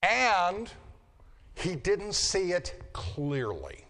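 A man's voice: sits high, wildly swooping pitch, very slow, bright, forceful tone. A man lecturing a Bible class, repeating key phrases for emphasis and checking in with his students. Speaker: Bible teacher.

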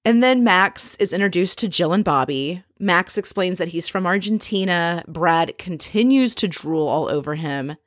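A woman's voice: lowish voice, expressive, moderate pace, hardly any pauses, no echo, clean studio sound. A woman recapping a reality TV episode in a chatty, opinionated and snarky way. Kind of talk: casual recap commentary.

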